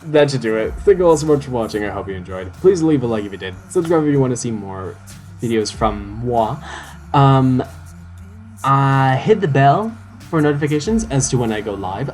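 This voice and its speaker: A young man rambling on a live game stream, full of "um"s and restarts, joking about himself. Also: medium pitch. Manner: chatty, self-mocking. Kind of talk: casual live-stream chat.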